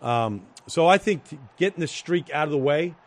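A man's voice: on the high side, expressive, moderate pace. A middle-aged man giving football analysis as a studio guest, talking emphatically with repeated phrases and fillers. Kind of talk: studio sports analysis chat.

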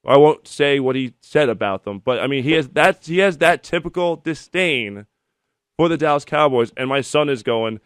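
Hosting a sports call-in show, a man in his thirties talks and tells stories between callers, becoming animated as he recounts anecdotes. His voice is mid-range and clean-toned at a moderate pace, recorded on a studio microphone with clean studio sound and no echo.

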